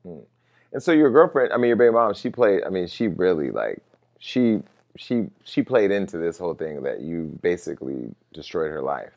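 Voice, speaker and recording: A man's voice: low voice, sing-song, normal speed, vocal fry, darkish tone. A male interview host who asks direct, probing questions. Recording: dull lo-fi sound.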